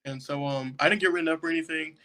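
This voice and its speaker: A man's voice: a little high, steady tone, very fast, sharp tone. A young man, a jail deputy and podcast guest, telling a story casually and laughing often as he goes. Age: young adult.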